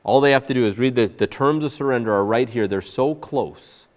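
A man's voice: mid-range voice, fast talker. A man preaching a sermon in an earnest way, with frequent fillers and restarts. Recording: long hall reverb.

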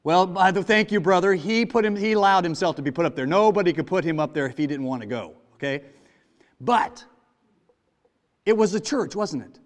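A man preaching a sermon in a church, talking to the congregation with rhetorical questions and swinging from loud to hushed. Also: sits high, long reverb tail. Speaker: lay preacher.

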